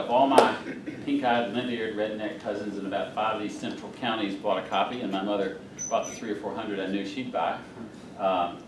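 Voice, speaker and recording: A man's voice: fairly low pitch, background noise. A middle-aged man from North Carolina, giving a humorous storytelling talk as a guest speaker at a club meeting. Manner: folksy, humorous storyteller, chuckles through punchlines. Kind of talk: storytelling speech. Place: meeting hall. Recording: roomy, distant room mic.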